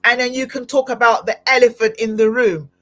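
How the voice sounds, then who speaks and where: A woman hosting a live-streamed podcast interview, talking in an animated, exclamatory way with frequent laughter. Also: a little high, brisk. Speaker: podcast host.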